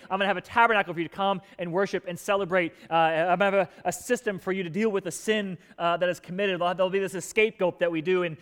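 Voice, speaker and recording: A man preaching a sermon in church, telling stories with lively acted-out quotes of grumbling people. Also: high-pitched, big-room sound. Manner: animated storytelling, acting out grumbling crowds in quoted voices. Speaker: pastor.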